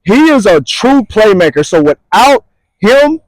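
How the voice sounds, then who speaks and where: A man's voice: sits high, big pitch swings, a little slow, no room sound, poor audio. A man co-hosting casual sports talk, emphatic and slangy, often repeating himself. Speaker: sports podcast co-host.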